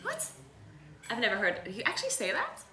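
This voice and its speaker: A woman's voice: fairly high pitch, wildly swooping pitch, moderate pace, music in the background. Chatty woman streamer. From South Tyrol. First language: German (South Tyrolean dialect). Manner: chatty, laughs often, many "like" fillers. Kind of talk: casual chat with stream viewers. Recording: roomy echo.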